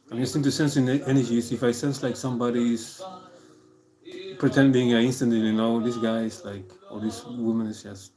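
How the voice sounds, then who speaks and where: A man's voice: mid-range voice, dark tone, poor audio. A man chatting casually on a livestream, boastful and profane, chuckling often as he talks.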